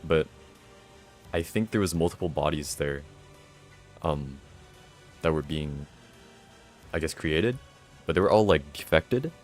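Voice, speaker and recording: A man's voice: very deep voice, a little slow, pauses often, faint music behind. A man streaming, reading a game's story aloud and chatting casually between lines. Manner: casual, laughs and breaks off to comment.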